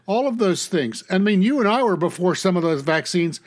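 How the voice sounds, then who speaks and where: A man with a fairly high voice co-hosts a casual political chat. He speaks earnestly, pausing often and filling gaps with hesitant sounds as he builds his point. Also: expressive. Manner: earnest, halting with many fillers.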